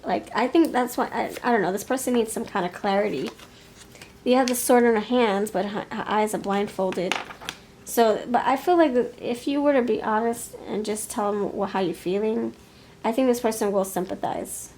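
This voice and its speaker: A woman's voice: a little high, moderate pace, a little mellow, a little hiss or hum. Musing woman giving a tarot reading. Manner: musing, hesitant, laughs often. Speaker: tarot reader. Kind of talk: pick-a-card tarot reading.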